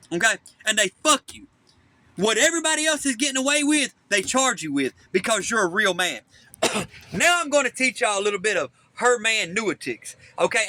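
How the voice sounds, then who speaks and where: A man's voice: high voice, bright, forceful tone, no room sound. A man recording himself on his phone, ranting angrily and profanely, repeating "okay?" over and over. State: angry. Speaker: self-recording vlogger. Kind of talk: angry rambling monologue to camera. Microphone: phone front camera.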